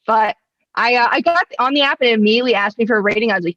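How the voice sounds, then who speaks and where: A woman's voice: fairly high pitch, brisk, a bit bright, no echo, dull audio. Self-mocking young woman doing stand-up. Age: 20s. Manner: self-deprecating, laughs at her own jokes. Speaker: stand-up comedian. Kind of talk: stand-up set over a video call.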